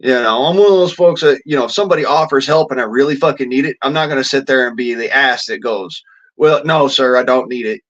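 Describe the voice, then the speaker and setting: A man rants straight to the camera, swearing hard in a blunt, rambling way and using folksy slang. His voice sits at an ordinary middle pitch. The sound is dull and lo-fi, like a cheap phone mic. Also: fast, few pauses, fairly bright tone. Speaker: vlogger. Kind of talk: angry ranting vlog.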